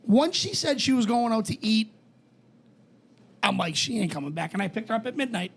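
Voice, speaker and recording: Co-host, high raspy voice with fry, animated and profane. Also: male voice, normal speed. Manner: animated storyteller, swears freely. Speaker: podcast co-host. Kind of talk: casual chat.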